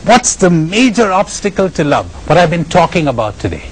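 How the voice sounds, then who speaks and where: A man with an Indian accent giving a spiritual lecture, telling stories emphatically with dramatic pauses and chuckles. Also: high-pitched, very animated, husky, low-quality recording. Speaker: spiritual retreat speaker.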